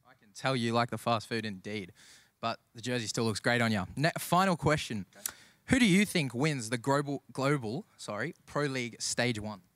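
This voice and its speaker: A man's voice: mid-range voice, expressive, moderate pace, a bit bright, no room sound. A young man interviewing a gamer on stage, teasing him playfully. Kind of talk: light interview.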